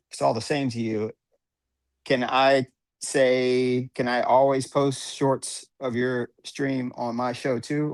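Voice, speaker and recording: A man's voice: mid-range voice, dry recording. A man hosting a casual live call-in chat, joking and laughing through crude banter. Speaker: host.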